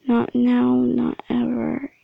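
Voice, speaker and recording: A woman voicing a gentle male dog who comforts softly, in a whispered role-play. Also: a little high, completely flat delivery, slow pace, creaky, dry recording, phone-quality sound, heavily acted. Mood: comforting. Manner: soft, reassuring.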